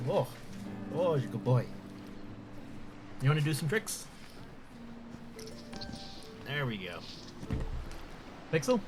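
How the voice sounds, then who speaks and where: A man's voice: a little high, big pitch swings, slow pace, long pauses, over music. A man chatting casually on a live stream, talking with his mouth full and laughing often.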